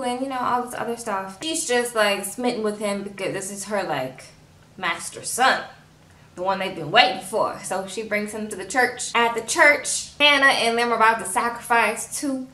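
A woman's voice: a little high, normal speed, sharp tone, distant mic. A woman recapping a TV episode in a casual, chatty way, acting out the characters' lines as she goes. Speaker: TV episode reviewer. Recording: roomy echo, a bit off-mic.

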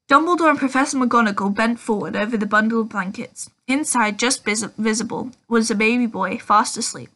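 A woman's voice: a little high, fairly quick, few pauses, sharp tone. A woman reading a children's book aloud, often stumbling and correcting herself. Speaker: audiobook reader.

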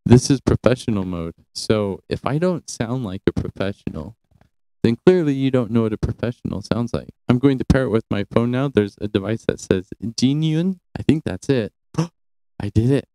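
A man giving a casual, chatty product review from a quiet small room, easily impressed, speaking into a cheap wireless handheld mic. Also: medium pitch, lively intonation, normal speed, dry recording, poor audio. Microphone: the reviewed unit's wireless handheld mic.

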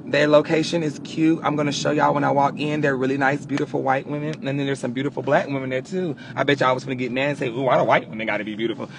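A man vlogging casually from inside a car, joking loudly and cursing as he talks to his viewers. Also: mid-range voice, level tone, fast talker, vocal fry, few pauses. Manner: loud, joking, profane banter with the viewers. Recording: car noise in the background.

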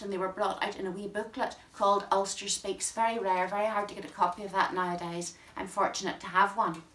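A woman's voice: mid-range voice, a bit bright. A woman with a Northern Irish accent presents a talk on a poet, with an enthusiastic, storytelling manner. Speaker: speaker giving a talk on a poet. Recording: roomy sound from a distant mic.

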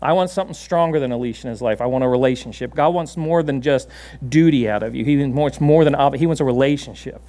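A man preaching a sermon in a church, animated and laughing often, giving commands to a dog on stage. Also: mid-range voice, fast. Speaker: pastor. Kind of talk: sermon with a live dog demonstration. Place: church sanctuary.

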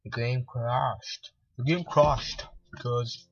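A man's voice: mid-range voice, takes it slowly, long pauses, fairly bright tone, husky. A man at home rambling casually through gameplay commentary with mumbled asides. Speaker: gamer. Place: at home with pets. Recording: dull lo-fi with faint music.

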